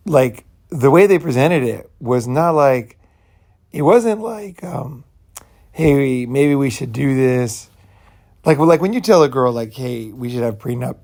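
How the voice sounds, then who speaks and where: A man with a gravelly, fry-heavy voice at an ordinary middle pitch talks in a casual, meandering monologue. He speaks bluntly and swears now and then. He keeps checking in with "you know" and "right". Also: a little mellow. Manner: loose, repetitive, peppered with "you know" and "right"; blunt, profane. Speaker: channel host.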